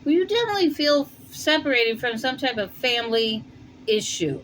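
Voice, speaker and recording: A woman's voice: high-pitched, big pitch swings, moderate pace, a bit bright, a little hiss or hum, rough recording. A woman with a New York accent giving a casual tarot reading, thinking aloud with plenty of fillers. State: warm and winded after shoveling. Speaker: tarot reader. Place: home in Colorado.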